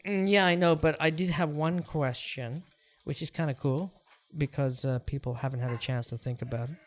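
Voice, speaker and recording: Nasal male host, high-pitched, jokey and excitable, casual podcast banter. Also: normal speed, slight background noise. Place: small studio den with live audience.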